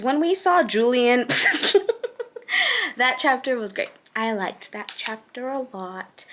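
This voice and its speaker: Bright-voiced young woman ranting casually. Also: on the high side. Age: 20s. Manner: frank, exasperated ranting with frequent laughs. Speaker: book reviewer. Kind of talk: casual chat.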